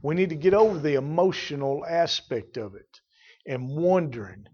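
A man preaching a sermon, fervent, rising to loud emphatic bursts. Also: on the high side, animated, brisk, slightly rough, dull audio. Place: church.

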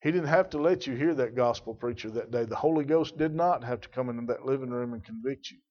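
A man delivering a sermon from the pulpit. His mid-range voice swells louder on key words and stretches them out for weight. The recording sounds dull and lo-fi. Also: mid-range voice. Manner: emphatic preaching with rising volume and drawn-out stresses; addresses congregation members by name. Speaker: pastor.

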